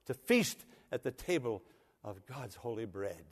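A man's voice: medium pitch, sing-song, a little slow, slightly rough. An older man, a pastor, telling a folksy story in a sermon, chuckling as he goes. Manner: folksy, chuckles through his stories. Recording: long hall reverb.

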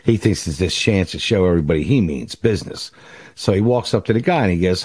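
A man's voice: sits low, animated, quick pace, a little mellow, breathy edge, no echo. A man co-hosting a talk radio show, chatting and telling a joke in a storytelling way.

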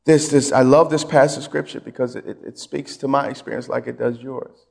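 A man preaching a sermon as pastor, emphatic and folksy, repeating phrases and swinging between loud and quiet. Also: mid-range voice, steady tone, a little fast, creaky, in a large hall.

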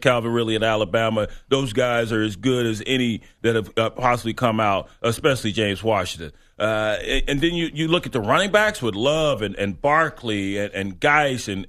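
A man's voice: medium pitch, fairly bright tone. A man co-hosting a casual sports talk show, rambling through player picks with many stops and restarts.

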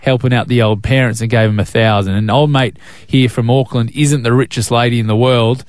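A man's voice: mid-range voice, steady tone, brisk, no echo. A young man co-hosting a casual radio show, telling stories in a cheeky, playful way. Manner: cheeky, playful, jokey storytelling. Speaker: radio co-host. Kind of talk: casual breakfast radio chat.

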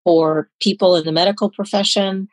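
A woman's voice: medium pitch, fairly even intonation, normal speed, dry recording, low-quality recording. A woman guest in an interview, explaining in an earnest, patient way and checking that she is understood. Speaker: anti-trafficking expert guest. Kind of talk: informative interview answers.

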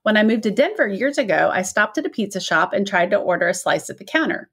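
Animated woman co-host reading letters. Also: mid-range voice, quick pace, slightly rough. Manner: reads letters aloud, warm banter, laughs often. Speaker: podcast co-host. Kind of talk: casual chat, reading listener mail. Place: lives in the American South.

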